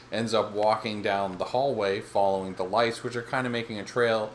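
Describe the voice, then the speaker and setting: A man with a lowish voice co-hosts a podcast, talking loosely and laughing as he retells scenes. He acts out bits of dialogue as he goes. A faint hiss sits under the recording. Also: fairly even intonation, normal speed. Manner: rambling, laughs often, acts out quotes. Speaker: podcast co-host. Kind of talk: casual recap chat.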